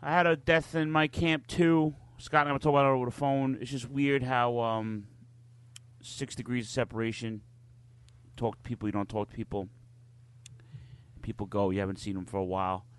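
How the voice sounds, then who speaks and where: A man's voice: medium pitch, flat delivery, fairly quick, clear, resonant tone, dry recording. A man co-hosting a live wrestling podcast, talking casually and bluntly, swearing freely as he rants. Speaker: podcast co-host.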